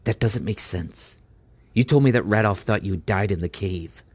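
A frank, sharp-tongued young woman in a storybook reading, as a male reader puts her on. She is matter-of-fact and practical, in a low voice with a dry, close sound. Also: normal speed, breathy edge, no echo. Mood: reasoning. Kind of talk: audiobook character voice.

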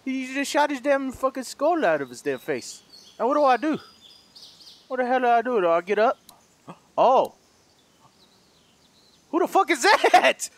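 A man doing loud, goofy, excitable commentary as he plays a game, often laughing. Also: extremely high pitch, unhurried, long pauses. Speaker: let's play host. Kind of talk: gaming commentary.

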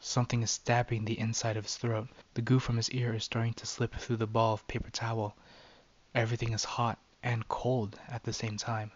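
A man narrating a short story in a steady, even dramatic reading. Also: medium pitch, brisk, dull audio.

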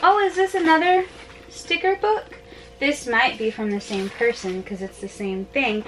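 With faint music behind her, a woman vlogs casually at home as she and her toddler open packages. She speaks at a normal speed in a voice on the high side. As a family vlogger, she gushes emotionally and fills her talk with "like."

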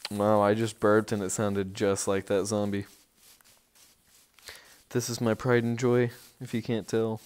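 A man giving casual, rambling commentary on a tour of his game village, easily excited and breaking into sudden outbursts. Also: lowish voice, unhurried, long pauses, clean tone.

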